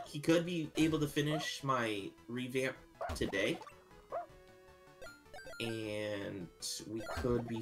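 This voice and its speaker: A man chatting casually on a live stream while gaming, sleepy and yawning, rambling with many restarts. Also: mid-range voice. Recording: stream audio with game music behind. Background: game music.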